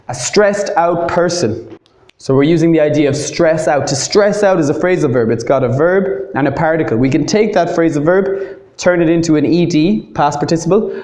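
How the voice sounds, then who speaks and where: A man with an Irish accent giving an English grammar lesson, slowing down to say each example phrase clearly. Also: on the high side, a little mellow, reverberant. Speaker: English teacher.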